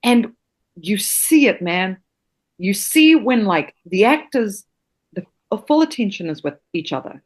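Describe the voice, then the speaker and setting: A woman from New Zealand, an acting teacher, telling stories in a casual interview, animated and swearing freely. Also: medium pitch, a little slow.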